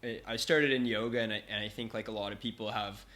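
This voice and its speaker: A man's voice: fairly low pitch, steady tone, fast talker, pushed and bright. A man from Canada, a movement coach guesting on a podcast, talking in a laid-back, easygoing way with plenty of fillers. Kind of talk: casual interview chat. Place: Bali.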